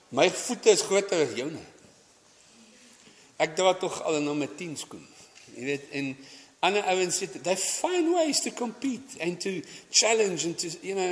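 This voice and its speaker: A man preaching a sermon, chatty and anecdotal, often restarting his sentences. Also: a little high. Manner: conversational, anecdotal, stumbling restarts, mixing in Afrikaans phrases. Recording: long hall reverb.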